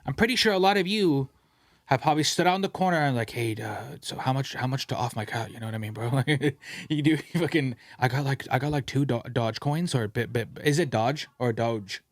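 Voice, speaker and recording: A man hosting a podcast in a studio, rambling through stories in a casual, profane, animated way. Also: medium pitch, fairly quick, dry recording. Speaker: podcast host.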